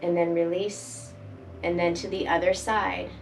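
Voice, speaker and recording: A woman leading a chair yoga class, giving calm, gentle step-by-step cues for breathing and stretching. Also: on the low side, a little slow, gravelly, slight background noise. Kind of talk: guided exercise instruction. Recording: voice from a distance, faint background music.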